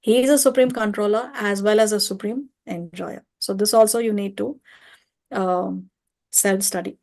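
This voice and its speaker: A woman leading an online scripture study class, explaining step by step and often pausing to check with listeners. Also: mid-range voice, steady tone, creaky, darkish tone. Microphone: video call or home mic.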